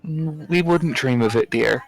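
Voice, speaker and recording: A man's voice: fairly high pitch, takes it slowly, gravelly, no echo, soft background music, poor audio. A man playing a tabletop game, speaking in character in a courteous, flowery way. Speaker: player.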